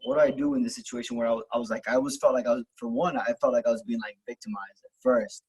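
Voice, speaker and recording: A man's voice: medium pitch, expressive, quick pace, gravelly, few pauses, a little mellow, husky, rough recording. A young man telling a personal story in casual, rambling talk, full of fillers, restarts and swearing, as host of a self-help video.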